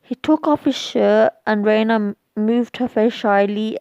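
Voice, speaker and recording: A woman reading her own romance story aloud, halting and restarting lines, recorded dull and dry. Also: fairly high pitch, darkish tone, smooth, no room sound.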